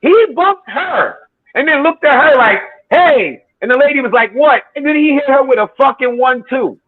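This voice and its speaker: A man hosting a football watchalong, telling animated stories with plenty of swearing. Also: very high-pitched, a little fast, no echo, phone-quality sound. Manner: animated storytelling, heavy swearing, acts out quotes. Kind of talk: casual watchalong chat.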